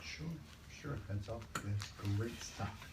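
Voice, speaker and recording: An older man leading a Bible study group, chatting conversationally and slowing down to read scripture. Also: on the low side. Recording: roomy, distant mic, faint background noise.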